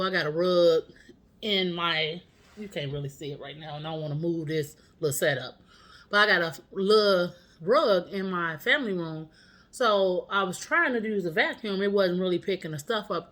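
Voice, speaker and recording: A woman's voice: lowish voice, pushed and bright. A woman vlogger telling a story at home, candid and profane in a casual, chatty way.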